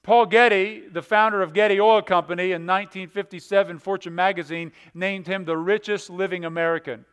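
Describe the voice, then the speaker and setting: High-voiced, smooth-toned man preaching a sermon. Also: fairly even intonation, a little fast, few pauses. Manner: dynamic, swings between loud emphatic and hushed delivery; often repeats words and restarts. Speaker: pastor.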